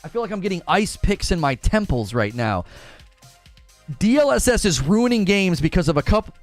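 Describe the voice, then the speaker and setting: A man hosting a casual gaming livestream, talking in an animated, exasperated rant to his chat. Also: high-pitched, normal speed, faint music behind.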